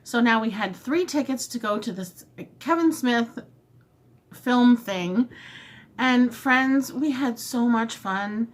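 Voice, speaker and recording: A woman vlogger with a fairly high, slow voice works through a long, casual story between bites. Animated and chatty, she often plays out what she and other people said.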